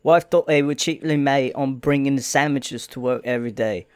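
A man putting on a gruff Cockney working bloke. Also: mid-range voice, normal speed, no room sound, clean studio sound, close to an everyday voice. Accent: put-on Cockney. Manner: rough working-class slang. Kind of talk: comic reading in a put-on voice.

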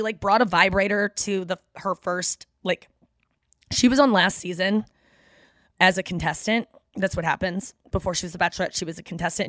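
A woman's voice: lowish voice, fairly bright tone, dry recording, clean studio sound. A woman hosting a podcast, chatting in a gossipy, rambling way and recapping a reality show. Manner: gossipy, fast, uses 'like' a lot. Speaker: podcast host. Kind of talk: casual chat recap.

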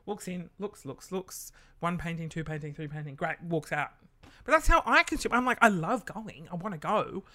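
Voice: mid-range voice, expressive, normal speed, bright, forceful tone. A podcast host telling a casual story, chatty and loose, swearing freely and acting out the people in it.

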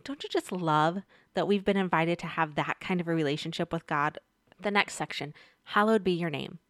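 Woman Bible teacher, lowish voice, dry close sound, talks right to the viewers. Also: normal speed, a bit bright, no echo. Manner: chatty, speaks straight to viewers with questions. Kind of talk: casual devotional teaching.

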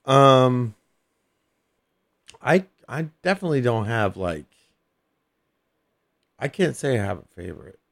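A man's voice: medium pitch, very animated, unhurried, gravelly, long pauses. A man who is a guest on a radio show, chatting hesitantly with dry humor. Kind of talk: casual chat.

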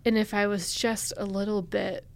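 A young woman speaking candidly and haltingly as a guest in a podcast interview, with many fillers. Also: medium pitch, little pitch movement, vocal fry, a little mellow. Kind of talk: personal storytelling in a podcast interview.

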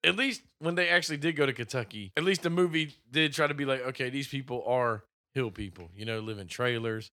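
A man talks loosely about a film he just watched, with a bright, forward tone at an ordinary pitch. He rambles, swears casually and laughs between thoughts. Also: fairly quick, hardly any pauses. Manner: profane, rambling, laughs often, quotes characters in put-on voices. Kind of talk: casual movie chat.

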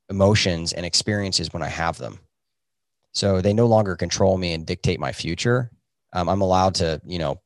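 A man's voice: low voice, no room sound, studio quality. A man, a physician, answering podcast interview questions in an earnest, reflective way with many fillers. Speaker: physician and coaching program founder.

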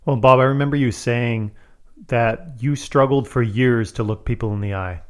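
A male podcast host asking a guest questions in a calm, agreeable way. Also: mid-range voice, moderate pace, smooth. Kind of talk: interview questions.

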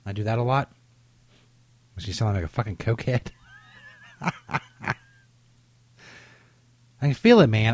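A man's voice: medium pitch, darkish tone, no room sound. A man hosting a comedic podcast alone, boasting and swearing in a cocky, rambling rant while coming down with a cold. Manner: cocky, profane, boastful bits. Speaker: podcast host.

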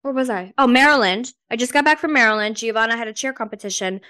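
A woman's voice: fairly high pitch, quick pace, bright, forceful tone, no echo, studio quality. A woman with a New Jersey accent co-hosting a podcast, chatting casually with many fillers and incredulous teasing. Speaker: podcast co-host. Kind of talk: casual chat.

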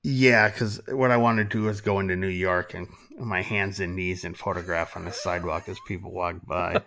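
A man's voice: low voice, fairly even intonation, moderate pace, sharp tone. A man from Minnesota, a photographer, talking as a podcast guest with dry, self-deprecating humor. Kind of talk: casual interview chat.

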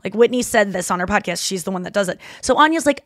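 A woman's voice: medium pitch, animated, quick pace, fairly bright tone, no room sound, studio quality. A woman in her thirties hosting a podcast, chatting casually and retelling stories with quoted voices. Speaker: podcast host and comedian.

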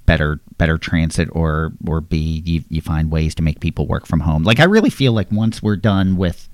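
A man co-hosting a podcast in a relaxed, casual way, using lots of fillers. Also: a bass voice, normal speed, no room sound. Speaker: podcast co-host, nursery worker. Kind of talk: casual conversation.

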